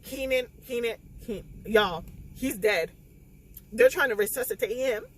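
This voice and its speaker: Woman book vlogger, slightly high voice, emotional, tearful retelling. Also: unhurried, breathy edge, rough recording. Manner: animated, emotional retelling with quoted dialogue. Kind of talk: casual spoiler recap vlog.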